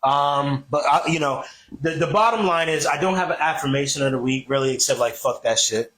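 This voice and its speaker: A man hosting a casual comedic podcast, telling a story with loud rants and low mutters. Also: fairly quick, reverberant. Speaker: podcast host.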